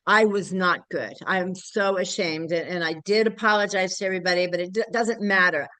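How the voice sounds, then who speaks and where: A woman's voice: fairly low pitch, brisk, pushed and bright, no echo, low-quality recording. An older woman speaking at a community group meeting, candid and blunt, rambling with frequent fillers. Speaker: local activist group member.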